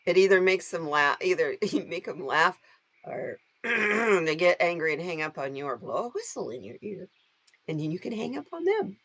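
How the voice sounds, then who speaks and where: A woman hosting a casual tarot live stream. She chats warmly with her viewers, greets them by name and laughs often. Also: fairly low pitch, big pitch swings, moderate pace.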